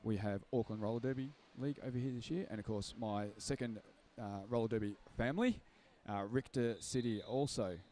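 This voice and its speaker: A man's voice: mid-range voice, brisk, hardly any pauses, dark tone, slight background noise. A man giving live roller derby commentary, chatty and joking at his own expense. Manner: chatty, jokey, self-deprecating, ad-libbing. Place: sports venue.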